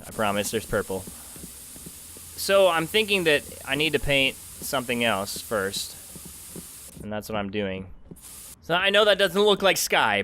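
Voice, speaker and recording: A man hosting a let's play, chatting to himself as he plays and swinging between loud outbursts and quiet mumbling. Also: mid-range voice, slight background noise. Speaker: gaming channel host.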